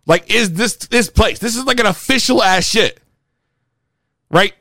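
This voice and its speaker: A man's voice: high-pitched, a little slow, pushed and bright, no room sound, studio quality. A young man casually telling a heated, profane story about a show that went wrong. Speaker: performing rapper telling a story.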